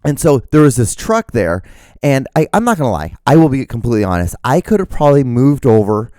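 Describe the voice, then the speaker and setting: A man's voice: mid-range voice, big pitch swings, a little fast, warm tone, no room sound, studio quality. A young man hosting a solo podcast, rambling through a story with lots of restarts and casual swearing. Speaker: podcast host.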